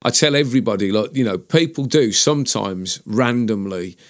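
A man's voice: on the low side, animated, moderate pace. A man hosting a podcast, chatting in an easygoing, reasonable way and laughing along with his co-host. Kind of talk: casual podcast chat.

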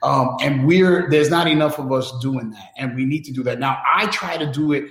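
A man's voice: medium pitch, normal speed, reverberant. A man, a technology strategist, talking candidly and with energy in a casual interview, often checking in with "right?". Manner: candid, animated, many restarts and "right?" tags. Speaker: guest, enterprise technology strategist.

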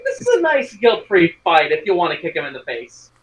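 Joking tabletop player, lively voice. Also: medium pitch. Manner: joking, quick-witted banter. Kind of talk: tabletop game play.

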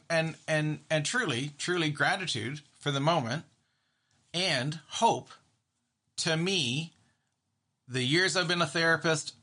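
Bright-voiced man telling stories. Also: on the high side. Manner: storytelling, acts out his own reactions, many restarts. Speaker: therapist and podcast host. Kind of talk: casual monologue.

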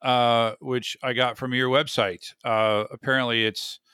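Male podcast host, bright and crisp in a dead, dry room, loose and chatty. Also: mid-range voice, little pitch movement, unhurried, dry recording. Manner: chatty, self-deprecating, rambling. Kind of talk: casual podcast interview.

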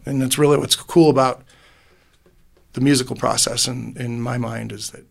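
Middle-aged male musician guest, gravelly voice, heartfelt and rambling, podcast booth. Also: mid-range voice, fairly even intonation, moderate pace. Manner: rambling and heartfelt, many restarts. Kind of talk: casual interview conversation.

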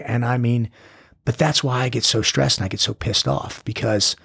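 A man's voice: mid-range voice, steady tone, normal speed, creaky, a bit bright, breathy edge, no room sound. Intense, blunt male guest in mid range, swearing, frequent restarts, dry recording. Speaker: podcast guest, former Navy SEAL. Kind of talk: candid conversational interview.

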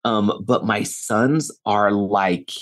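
A middle-aged man, a guest on a podcast, talking earnestly and telling stories with lively quoted dialogue. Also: lowish voice, extremely slow. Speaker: podcast guest, author and speaker. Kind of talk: conversational interview.

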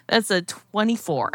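Playful woman player, lively voice. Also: mid-range voice. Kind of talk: casual tabletop play.

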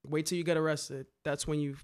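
A young man telling graffiti stories in casual chat, animated and slangy, swearing freely. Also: fairly high pitch, fairly quick. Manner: animated, slangy, swears a lot, repeats "a hundred percent".

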